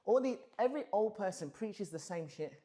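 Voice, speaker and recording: Man in his thirties, livestream host, a touch high, swears freely while musing aloud. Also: lively intonation, brisk, dark tone. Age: 30s. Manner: profane, reflective, rambling. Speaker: streamer.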